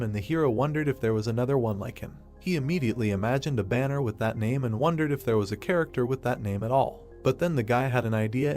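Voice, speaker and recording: A man narrating a story recap script in a steady, even storytelling voice. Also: medium pitch.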